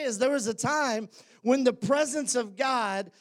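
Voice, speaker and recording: A man preaching a lively sermon to a congregation as lead pastor, joking with the crowd and raising his voice on scripture. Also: very high-pitched, measured pace. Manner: energetic, jokes with the congregation, rises to shouts on scripture. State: out of breath. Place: church hall before a congregation.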